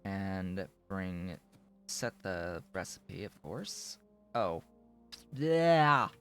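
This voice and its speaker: A man's voice: low-pitched, drawn-out words, clean tone, soft background music. A man streaming a factory-building game, mumbling casual commentary to himself while his voice is going. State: losing his voice.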